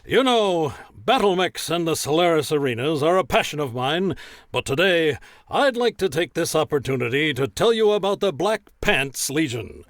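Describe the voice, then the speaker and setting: An actor playing a crude, hard-drinking middle-aged arena announcer who talks in a blustering, profane, indignant way. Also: male voice, a little high, very animated, moderate pace, no echo, clean studio sound. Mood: hammy. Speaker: announcer recording an ad spot. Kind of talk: comedy skit acting.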